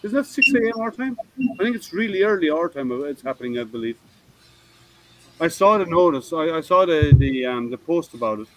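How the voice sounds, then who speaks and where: A man's voice: on the high side, sing-song, a little fast, background noise. A man hosting a casual livestream hangout from home, rambling and thinking aloud with plenty of ums, talking over an online call mic. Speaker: livestream host.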